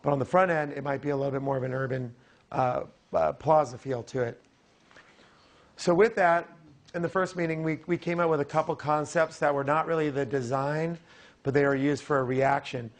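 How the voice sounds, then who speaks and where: A hoarse man giving an explanatory presentation at a public meeting, with frequent fillers. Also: medium pitch. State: hoarse, losing his voice. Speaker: design firm presenter.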